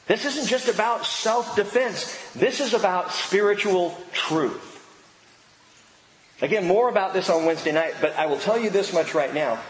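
A man preaching a sermon as pastor, emphatic and shifting to quiet intensity. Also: on the high side, slight background noise. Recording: echoey hall with long reverb.

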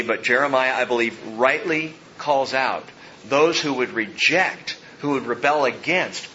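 A man's voice: fairly high pitch, bright, forceful tone, slight background noise. A man preaching a verse-by-verse sermon, rising and stressing each quoted line of scripture. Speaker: pastor. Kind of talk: expository sermon. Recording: slightly dull sound, faint ambience.

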